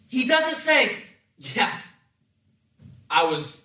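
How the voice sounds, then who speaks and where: A man preaching a sermon in an animated, humorous way, acting out voices as he tells the story. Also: high voice, takes it slowly, long pauses, echoey room, distant mic, rough recording. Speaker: pastor.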